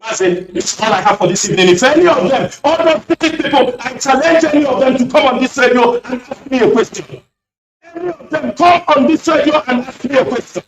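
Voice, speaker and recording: A man's voice: extremely high pitch, a little fast, background noise. A man calling in to a radio show, speaking fiercely and accusingly with lots of repetition. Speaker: caller. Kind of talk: impassioned radio call-in speech. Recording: echoey distant lo-fi phone line.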